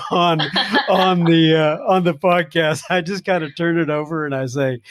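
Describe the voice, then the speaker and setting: A man's voice: a little high, fairly even intonation, a little slow. A man hosting a podcast, chatting casually with his guest, chuckling often and using many fillers. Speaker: podcast host. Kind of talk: casual interview chat.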